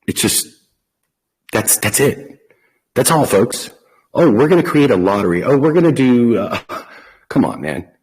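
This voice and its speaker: A man hosting a casual podcast, talking in a folksy, animated way full of long analogies. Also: low-pitched, low-quality recording. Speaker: podcast host.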